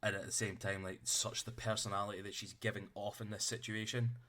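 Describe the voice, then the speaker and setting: A male game master with a low voice narrating a tabletop scene. He talks loosely, with plenty of fillers and casual swearing. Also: level tone, fairly quick, pushed and bright.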